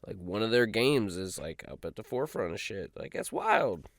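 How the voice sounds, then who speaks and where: A man co-hosting a podcast in casual chat, animated and swearing freely, his pitch jumping up when he gets going. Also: normal speed, no room sound, studio quality. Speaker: podcast co-host.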